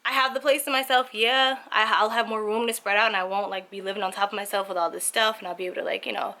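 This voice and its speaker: A young woman vlogging from her apartment, telling a story in a casual, animated way with lots of "like" fillers. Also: medium pitch, fast. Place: apartment, indoors.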